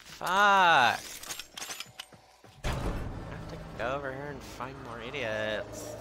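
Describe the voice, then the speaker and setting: A man ranting and swearing through profane gameplay commentary, often shouting a catchphrase. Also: mid-range voice, steady tone, normal speed. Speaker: gameplay streamer. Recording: loud game noise underneath.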